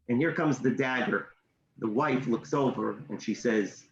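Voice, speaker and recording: A man and motivational speaker giving parenting advice in an animated storytelling way on a video call. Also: mid-range voice, vocal fry, echoey room, lo-fi sound, a little hiss or hum. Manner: animated, with emphatic pauses and tips.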